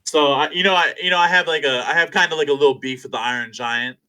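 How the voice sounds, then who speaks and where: A young man with a fairly high voice tells chaotic stories as an interview guest. He is animated and profane and acts out what others said. The talk is loose and conversational. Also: quick pace, a crowd in the background, low-quality recording. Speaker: interview guest, power slap fighter. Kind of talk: casual storytelling interview.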